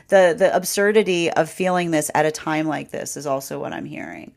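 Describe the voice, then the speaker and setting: A woman's voice: sits low, a little fast, creaky, few pauses. A woman giving a live tarot reading, rambling and repeating herself, with frequent "right?" and "like". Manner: laughs often, quoting the energy's voice. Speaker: tarot reader.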